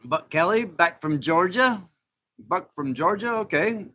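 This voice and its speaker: A man's voice: high voice, animated, a little slow, pushed and bright, dull audio, slight background noise. A man hosting a casual live stream, folksy and chatty, often chuckling as he greets viewers.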